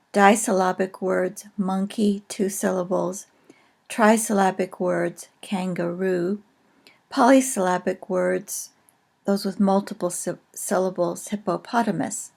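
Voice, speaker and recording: Slow, careful woman teaching a lesson. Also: medium pitch, gravelly, a little mellow. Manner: slow, careful explaining with pauses. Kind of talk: recorded lecture on a language.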